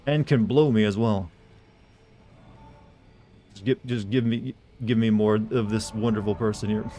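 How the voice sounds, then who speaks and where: A man's voice: on the low side, fairly even intonation, a little slow, dark tone. Man rambling profanely over his gameplay. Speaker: streamer. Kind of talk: casual live-stream gaming commentary. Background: faint game music.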